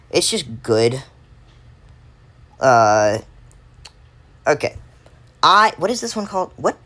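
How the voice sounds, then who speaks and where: A woman giving casual unscripted commentary while ranking game cards, rambling and correcting herself with lots of fillers. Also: extremely low pitch.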